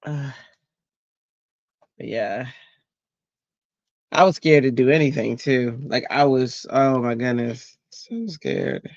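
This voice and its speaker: A man's voice: mid-range voice, slow pace, creaky, pauses often, no room sound, highs cut off. A middle-aged man hosting a crafting livestream, chatting casually, telling stories with animation and laughing often.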